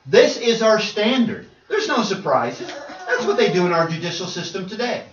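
A male preacher delivers an emphatic sermon, dropping to quiet asides and then driving his points home with force. His voice sits a little high and is picked up from afar in a roomy, echoing church. The recording is dull and lo-fi. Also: very animated, normal speed. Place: church sanctuary. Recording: echoey church room, distant mic, dull lo-fi.

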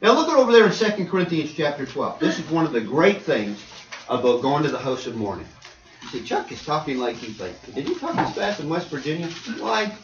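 Male preacher, animated delivery, recorded from a distance in a reverberant hall. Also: fairly high pitch, fairly quick, a little hiss or hum. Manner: raises voice, reads scripture, acts out quoted people. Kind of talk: sermon. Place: church hall. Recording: roomy, distant, dull church audio.

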